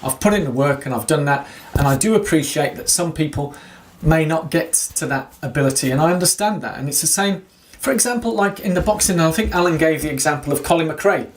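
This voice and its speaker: A man's voice: on the high side, lively intonation, fairly quick, a little hiss or hum. Rambling man talking to his viewers. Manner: rambling, lots of fillers and restarts. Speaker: running vlogger. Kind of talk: casual video diary talk to viewers.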